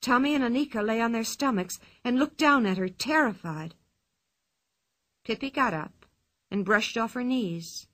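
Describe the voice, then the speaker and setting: A woman narrating a children's storybook with expressive telling. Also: a little high, moderate pace. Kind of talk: storybook reading.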